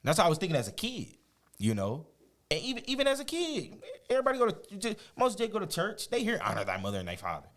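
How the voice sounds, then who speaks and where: A man, a guest on an interview show, telling a personal story in a casual, animated way, often laughing and acting out quotes. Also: high voice, fast.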